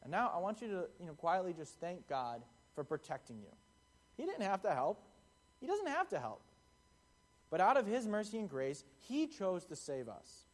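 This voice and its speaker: Young male preacher, slightly higher voice, relaxed chatty sermon delivery. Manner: conversational, acts out quotes in the parable. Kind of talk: casual sermon.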